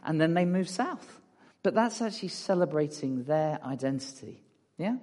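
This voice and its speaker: Middle-aged male preacher, easygoing and talky, a bit high-pitched, heard in a reverberant hall. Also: normal speed. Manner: relaxed and chatty, many fillers, asks audience "yeah?". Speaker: speaker at a church talk. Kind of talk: conversational sermon with slides.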